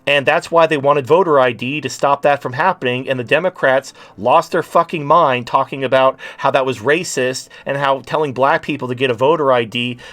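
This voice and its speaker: A man's voice: mid-range voice, fairly quick, few pauses, fairly bright tone. A man in his late thirties hosting a talk show, ranting in a blunt, sarcastic and profane way. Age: late 30s. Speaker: podcast host. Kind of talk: casual talk-show rant.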